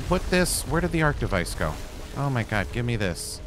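A man's voice: medium pitch, sing-song, moderate pace, slight background noise. A man giving casual gameplay commentary, chatting with the game and yelping when things go wrong. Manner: chatty, talks to the game, flustered yelps. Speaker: gaming YouTuber.

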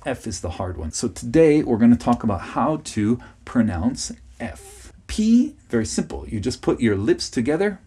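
A man's voice: mid-range voice, dark tone, breathy edge. A man teaching English pronunciation on his podcast, patiently repeating key words and checking in with "okay?". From United States.

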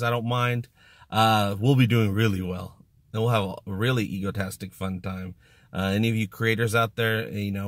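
Talking loosely to camera in a vlog, this channel host wanders from topic to topic with jokey self-mockery. His mid-range voice is a bit bright, captured dry in clean studio sound.

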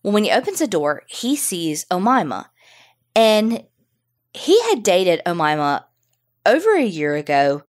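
Animated, profane woman podcast storyteller. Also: lowish voice, a little slow. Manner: profane, animated retelling with sassy asides. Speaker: podcast co-host. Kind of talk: casual true-crime storytelling.

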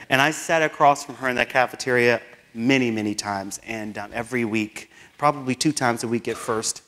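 A man giving a keynote speech, telling a personal story with animated delivery and acted-out dialogue. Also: medium pitch, moderate pace. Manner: animated, acts out dialogue, laughs often. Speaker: keynote speaker.

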